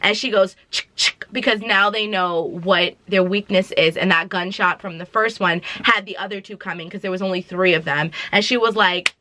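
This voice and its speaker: A young woman vlogger giving a casual movie review, retelling the plot in an animated, dramatic way with slangy asides. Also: medium pitch, normal speed, hardly any pauses, no echo.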